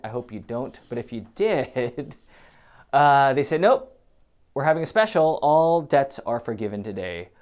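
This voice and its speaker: A man preaching a sermon, swinging between loud, emphatic passages and quiet, hesitant musing with many fillers. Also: on the high side.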